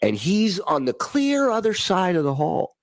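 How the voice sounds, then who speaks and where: A man's voice: high-pitched, very animated, measured pace, no echo. A man telling boastful, profane showbiz anecdotes in a clip from his own podcast. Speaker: podcast host in played clip. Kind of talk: brash anecdotal storytelling.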